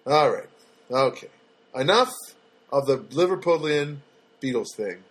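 A man's voice: mid-range voice, expressive, unhurried, husky. A man hosting a casual solo podcast from his apartment, talking in a loose, rambling way with many fillers and restarts. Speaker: podcast host. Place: studio apartment.

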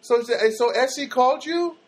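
Thick-accented phone agent lady, high and flat, reciting her script, a guy puts her on. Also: unhurried.

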